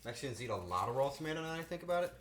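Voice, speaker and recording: A man's voice: medium pitch, very animated, racing. A man cooking on a live stream, chatting playfully and answering his chat as he goes. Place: home kitchen. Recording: roomy kitchen with faint noise.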